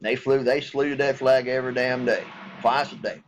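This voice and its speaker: A man's voice: medium pitch, steady tone, normal speed, slight background noise. A man from the States, a military veteran ranting bluntly and angrily with heavy profanity in a vlog. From Southern United States. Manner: blunt, angry and heavily profane.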